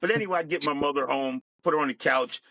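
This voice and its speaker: A middle-aged man telling his life story as a guest, in a plain, reflective, unhurried way. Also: on the high side, bright, forceful tone, dry recording, low-quality recording. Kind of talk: personal storytelling.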